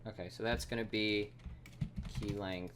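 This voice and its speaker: A man's voice: lowish voice, steady tone, a little slow, background noise. Rambling, swearing man streaming live code. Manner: rambling, profane, many fillers; mutters code to himself. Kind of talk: casual live-coding rant.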